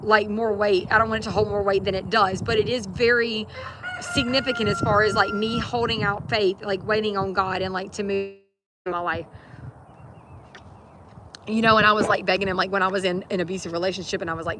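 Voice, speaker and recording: A woman's voice: mid-range voice, fairly even intonation, brisk, background noise. A woman on a livestream, talking earnestly about her faith in a rambling way, with many fillers and restarts. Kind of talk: casual faith talk on a livestream.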